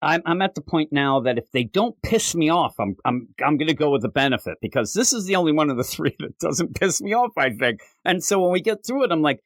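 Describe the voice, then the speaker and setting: A man co-hosting a comic book podcast in casual chat. He rambles and mocks himself, and his pitch jumps up whenever he quotes someone. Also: expressive, fairly quick, few pauses, dry recording. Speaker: podcast co-host.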